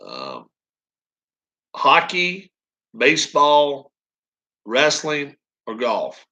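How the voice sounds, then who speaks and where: A man's voice: a little high, huge pitch swings, very slow, pushed and bright, lo-fi sound. A man hosting a casual live stream, chatting with viewers and laughing often.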